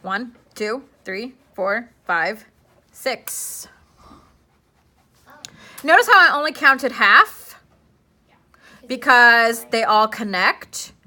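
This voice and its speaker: A woman's voice: a little high, sharp tone. A young woman teaching a classroom lesson, chatty and playful, asking her students questions as she works.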